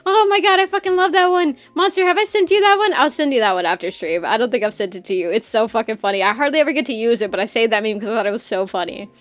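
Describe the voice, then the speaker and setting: Loud, crude-talking woman streamer. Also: on the high side, fast talker, hardly any pauses, dry recording. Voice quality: loud, crude and rambling, with frequent laughter. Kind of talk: casual chat while drawing on stream.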